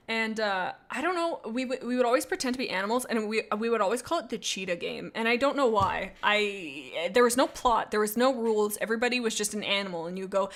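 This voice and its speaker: A woman's voice: medium pitch, fast talker, hardly any pauses, fairly bright tone. A woman streaming live in a loose, casual chat, reading out viewer comments. She talks in a playful, goofy way. Her sentences ramble and often stop short and start over with little asides. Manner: rambling and self-interrupting, with many restarts and asides.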